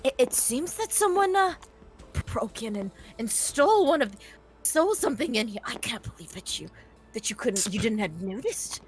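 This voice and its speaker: A woman's voice: fairly high pitch, big pitch swings, moderate pace, soft background music. A woman voicing a tabletop game character who fakes exaggerated shock with stammering, theatrical exclamations.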